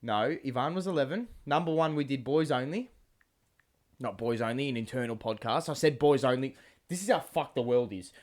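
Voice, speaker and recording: A man's voice: medium pitch, fairly quick. An enthusiastic man co-hosting a casual podcast, teasing the others and swearing freely. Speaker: podcast co-host.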